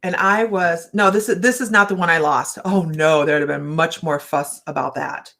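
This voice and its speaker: Woman host, chatty and rambling, quick to laugh, casual stream talk. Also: deep voice, steady tone, vocal fry, a bit bright. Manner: rambling storyteller, laughs often. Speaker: psychic and certified hypnotist. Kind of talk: casual livestream chat.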